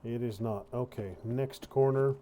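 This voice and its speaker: A man's voice: mid-range voice, steady tone, a little slow, warm tone, slight background noise. A man hosting a gaming video, giving casual commentary and wryly muttering to himself as he plays.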